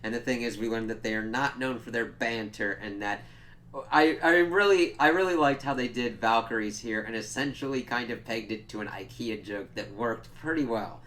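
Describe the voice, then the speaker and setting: A man's voice: medium pitch, normal speed, a bit bright. Rambling, profane male episode reviewer. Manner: rambling, profane retelling full of "like". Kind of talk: casual spoiler review recap.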